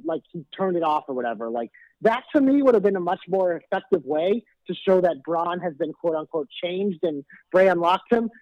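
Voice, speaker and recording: A man with a high-pitched voice talks in a relaxed, candid way in casual podcast chat. His mic sounds muffled and lo-fi, and there is no room echo at all. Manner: laid-back, candid, mildly profane. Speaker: podcast co-host. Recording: dull, dry lo-fi mic.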